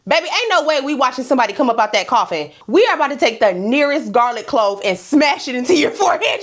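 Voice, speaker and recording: High, lively woman recapping TV. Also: brisk, hardly any pauses. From Louisiana. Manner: sassy, animated, talks straight to viewers with pet names; laughs often while talking. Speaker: host. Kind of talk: comedic TV episode recap commentary.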